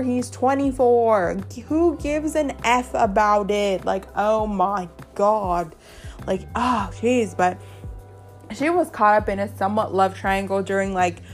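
A young woman hosting a podcast, chatting casually and gossiping bluntly, swearing freely and saying "like" a lot. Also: fairly high pitch. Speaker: podcast host. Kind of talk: casual chat.

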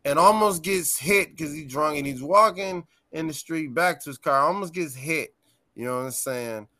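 A man guest on a podcast, telling tour stories in a casual, animated and profane way, laughing often. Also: a little high, moderate pace. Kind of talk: casual storytelling chat.

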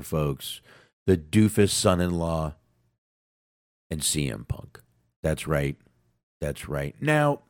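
Deep-voiced man ranting on a podcast. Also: no room sound, clean studio sound. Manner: profane, excitable, ranting. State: sinus cold. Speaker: podcast co-host. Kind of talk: casual wrestling podcast chat.

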